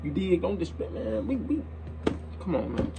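A man's voice: high voice, sing-song, normal speed, creaky, rough recording. A young man hosting a reaction video, talking in a casual, slangy way and repeating himself as he gets worked up.

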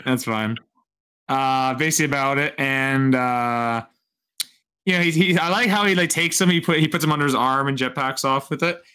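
A man's voice: medium pitch, moderate pace, pushed and bright, smooth. A man co-hosting a casual chat about comics, rambling with many restarts. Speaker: co-host reviewing comics.

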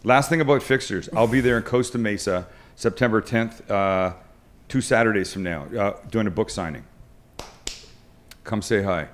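A man hosting a live cooking webcast, telling jokey stories in casual banter. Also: lowish voice. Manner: joking storyteller, quick asides. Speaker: cooking show host.

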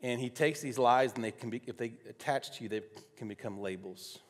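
Male pastor, sermon, personal storytelling turning emphatic, mid pitch, long hall reverb. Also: a little fast. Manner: builds from soft storytelling to loud emphatic declarations. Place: church sanctuary.

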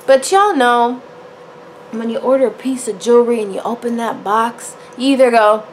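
A woman's voice: fairly high pitch, moderate pace, slight background noise. A woman talking casually to camera about her jewelry, chatty and full of fillers, calling the viewers y'all and honey. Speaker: jewelry vlogger. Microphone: camera on a tripod.

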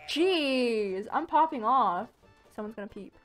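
An excitable woman with a fairly high voice commentating her own gameplay live from a home setup. She shrieks, exclaims and makes little gun noises between rambling asides. Faint game music plays softly behind her. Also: moderate pace. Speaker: gaming YouTuber.

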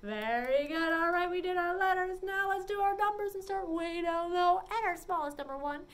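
High-voiced lively woman librarian. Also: normal speed. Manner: animated, sing-song, exaggerated pitch swings. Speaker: children's librarian. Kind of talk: virtual story time for children.

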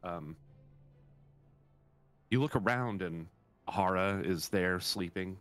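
A low-pitched man narrates a tabletop game as game master. His delivery is relaxed and halting, full of fillers.

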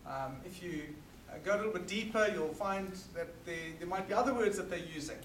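South African man, high voice, earnest forceful speaker, roomy hall, distant mic, faint hiss. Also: fairly quick. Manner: earnest and forceful, emphatic repetition. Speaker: guest speaker. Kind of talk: public talk to an audience. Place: meeting hall.

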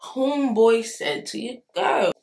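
A young adult woman talking in a casual storytime vlog, dramatic and animated, laughing things off and acting out what people said. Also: a little high, slow pace, vocal fry. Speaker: vlogger.

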